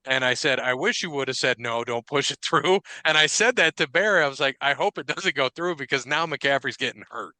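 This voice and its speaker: Male podcast co-host, very bright dry voice, profane animated storyteller. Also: mid-range voice, a little fast, hardly any pauses, no echo. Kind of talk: casual chat.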